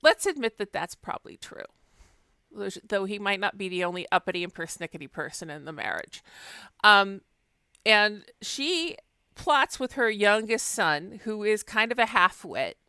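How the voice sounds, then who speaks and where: A woman's voice: medium pitch, animated, moderate pace, bright, forceful tone, clean tone, no echo, clean studio sound. A woman giving a chatty, wry lecture on medieval literature, with frequent fillers. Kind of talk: casual recorded lecture.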